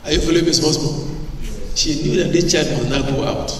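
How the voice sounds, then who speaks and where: A man preaching a sermon, animated, who often asks the congregation questions. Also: a little high, fairly quick, slight background noise. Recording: echoey church hall, distant mic.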